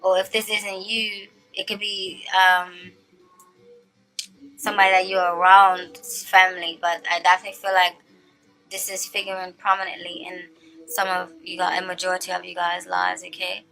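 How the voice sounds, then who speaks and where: Bright-voiced chatty woman reading tarot. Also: lowish voice, vocal fry. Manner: chatty, often checks in with "okay?"; animated and gushing, slows down to stress points. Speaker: tarot reader. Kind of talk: casual tarot reading to viewers.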